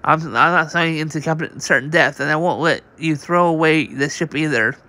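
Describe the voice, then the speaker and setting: A man's voice: a little high, a little fast, bright, forceful tone, dry recording. A man reading a comic aloud on his channel. His reading is casual and unpolished, with frequent restarts and read-out sound effects.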